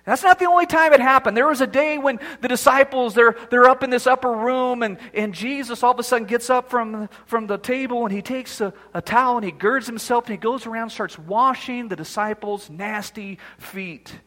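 Male pastor, bright and tense voice, sermon delivery with acted-out quotes. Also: extremely high pitch, normal speed, few pauses, big-room sound. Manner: acts out the quoted voices as he preaches.

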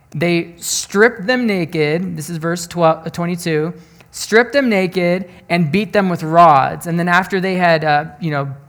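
A man preaching in a relaxed, conversational sermon style, plainspoken, often restarting words and asking his listeners direct questions. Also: a little high. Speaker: pastor. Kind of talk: conversational Bible teaching.

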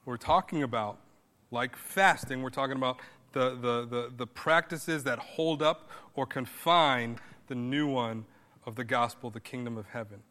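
A man's voice: medium pitch, unhurried, pushed and bright, in a large hall. A man pastor preaching a sermon in a conversational style, rising now and then to emphatic bursts.

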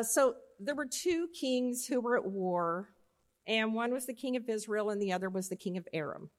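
A woman giving a chapel talk, telling a Bible story with animated voices and often checking in with her listeners. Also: on the high side. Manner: animated, acts out characters in the story. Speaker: chapel speaker.

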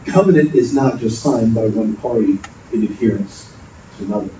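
A man's voice: on the low side, a little fast. A man preaching a sermon, earnest and storytelling, often repeating himself. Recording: distant, dull, noisy echoey hall.

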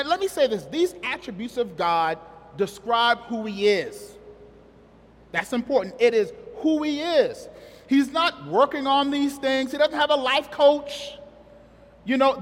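A man's voice: very high-pitched, a bit bright, big-room sound. A man preaching a sermon in a conversational, joking way, asking the congregation questions.

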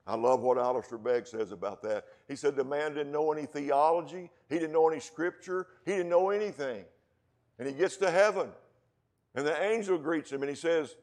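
West Texas preacher, male, mid-pitched; builds from quiet asides to loud emphatic lines. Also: lively intonation. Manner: swings from hushed, low lines to loud, slowed emphatic rises. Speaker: pastor. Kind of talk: sermon.

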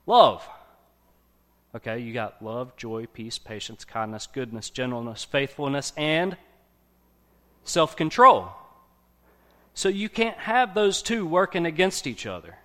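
A man's voice: medium pitch, lively intonation, slow, pauses often, a bit bright. Man, casual preacher, chatty sermon delivery, mid-range voice. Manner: conversational, often checks in with "okay?".

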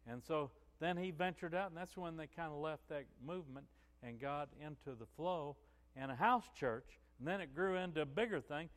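A man's voice: on the high side, moderate pace, fairly bright tone, long reverb tail. A male pastor preaching a sermon in a conversational storytelling way, with frequent "you know" asides.

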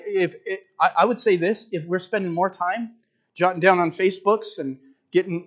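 A man's voice: high voice, lo-fi sound. A man preaching a sermon, earnest and direct, building to emphatic repeated phrases. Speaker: pastor.

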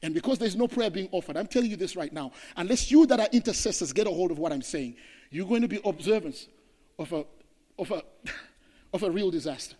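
A man from Zimbabwe, a pastor preaching an impassioned sermon that swings between loud declarations and hushed passages. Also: high-pitched, lively intonation, brisk, big-room sound.

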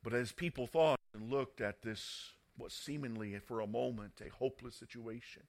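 A man preaching a sermon, emphatic and dramatic, swinging between loud bursts and hushed passages and leaning slowly on key words. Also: medium pitch. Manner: stressing single words slowly.

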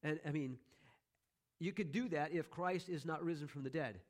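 Middle-aged male pastor, slightly high voice, emphatic sermon delivery with repeated refrains. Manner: emphatic, repeats key phrases, slows down for stress.

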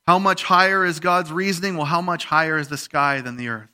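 Bright-voiced preaching man. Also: on the high side, steady tone, fairly quick, hardly any pauses. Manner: preaches with rising emphasis on scripture, softening to quiet storytelling. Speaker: pastor. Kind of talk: sermon.

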